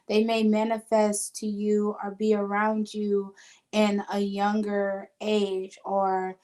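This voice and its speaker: A woman's voice: mid-range voice, monotone, takes it slowly, warm tone. A woman hosting a casual talk show as a spiritual medium, telling earnest, emotional stories and quoting the voices of others. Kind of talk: casual podcast conversation.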